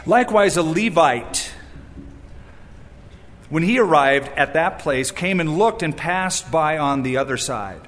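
A man preaching a sermon, animated and storytelling, who acts out the voices he quotes and breaks in with wry asides. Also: fairly high pitch, a little slow, long reverb tail. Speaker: pastor.

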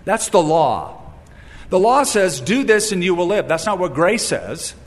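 A man preaching a sermon, animated and storytelling, who acts out the voices he quotes and breaks in with wry asides. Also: high voice, unhurried, in a large hall. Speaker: pastor.

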